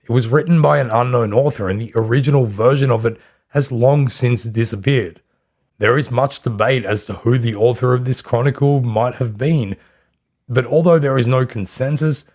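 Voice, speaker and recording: A male podcast host narrates history from a script in a voice of ordinary pitch. He delivers it steadily and adds dry, wry comments along the way. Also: normal speed, darkish tone.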